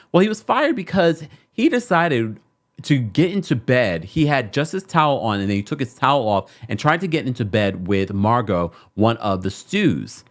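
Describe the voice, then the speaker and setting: Hosting a chatty podcast, this lively New York man speaks at a medium pitch and riffs casually on pop culture. He's animated and full of opinions, talking straight to his audience.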